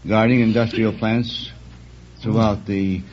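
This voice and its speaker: Hesitant low-voiced man in his fifties. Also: level tone, measured pace, a little mellow. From North Dakota. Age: 50s. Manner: hesitant, polite, many uh's. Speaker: quiz contestant, plant guard. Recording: dull old broadcast recording with faint hiss.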